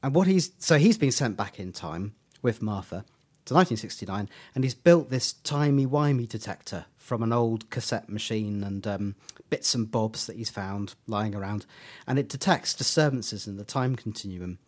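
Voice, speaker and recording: A man's voice: on the low side, normal speed, few pauses. Chatty man recounting favourite quotes. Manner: animated, quotes lines in put-on voices. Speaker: podcast co-host. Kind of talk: casual fan chat.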